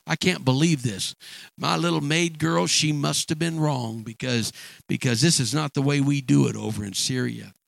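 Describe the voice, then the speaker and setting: A man's voice: medium pitch, fairly even intonation, normal speed, gravelly, no room sound, voice pushed down. A man voicing a proud foreign army commander who is blustering and indignant, in a retold story.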